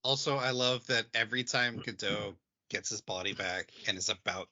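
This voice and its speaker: A man's voice: fairly low pitch, normal speed, bright, forceful tone, dull audio. A man co-hosting a podcast, chatting casually and laughing mid-sentence. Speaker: podcast co-host. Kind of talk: casual chat.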